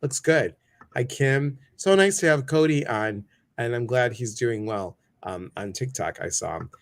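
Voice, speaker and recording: A chatty, upbeat man hosts a casual livestream show. His voice sits at an ordinary middle pitch, and he runs through friendly greetings to viewers one after another. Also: animated, measured pace. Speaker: talk show host.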